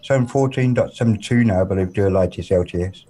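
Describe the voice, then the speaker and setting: A man joining a tech chat over a video call. He explains details haltingly and repeats words as he goes. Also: lowish voice, dark tone. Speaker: call-in participant.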